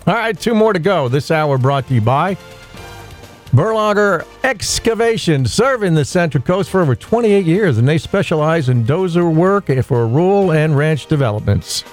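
A man hosting a morning radio trivia call-in, chatty with halting asides. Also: a little high, lively intonation, soft background music. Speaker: radio host. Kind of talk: casual trivia call-in segment. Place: radio studio. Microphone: studio microphone.

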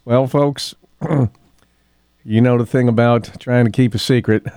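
An older man hosting a local radio talk show, rambling in a folksy way with ums and frequent throat clearing. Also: mid-range voice, steady tone, slow, darkish tone, no echo, studio quality. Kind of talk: casual talk radio monologue. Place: radio studio.

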